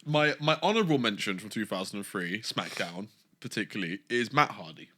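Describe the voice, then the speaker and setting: A man's voice: lowish voice, lively intonation, brisk, sharp tone. A young man co-hosting a casual wrestling chat, laughing often and swearing freely. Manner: laughs often, swears, does mocking impressions. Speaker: podcast co-host.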